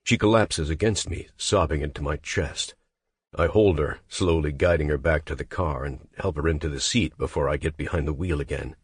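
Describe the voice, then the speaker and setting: A man's voice: rumbling low, moderate pace, slightly rough, dry recording. A man narrating a romance audiobook in the first person, with an intense, clipped, brooding delivery.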